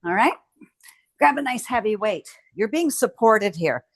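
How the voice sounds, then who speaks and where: A woman's voice: medium pitch, lively intonation, measured pace, no echo. A woman fitness instructor coaching a home strength workout, cueing each move and cheering the viewer on. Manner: encouraging, cueing moves with frequent cheers.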